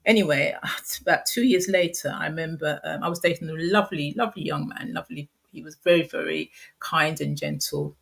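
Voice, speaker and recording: A middle-aged woman with a low voice tells a painful personal story in an interview. She talks softly and haltingly, often pausing and restarting her sentences. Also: creaky, husky. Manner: soft, halting, frequent restarts and fillers. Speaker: guest sharing a personal story.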